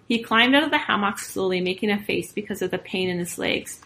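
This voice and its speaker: Woman, storyteller, reading a children's story, expressive, lively. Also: medium pitch, a little fast, few pauses, slight background noise, low-quality recording.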